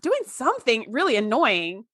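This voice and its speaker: A woman's voice: fairly high pitch, huge pitch swings, moderate pace, fairly bright tone, dry recording, clean studio sound. A woman co-hosting a podcast in casual chat, enthusiastic and full of "like" fillers. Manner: enthusiastic, uses many "like" fillers. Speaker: podcast co-host.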